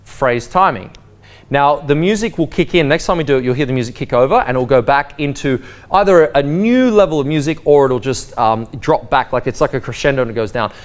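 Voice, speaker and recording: A dance teacher gives a spoken waltz lesson, with faint waltz music playing behind him. His voice is medium-pitched, animated and a little fast, and he explains the timing and counts the beats aloud in a sing-song lilt.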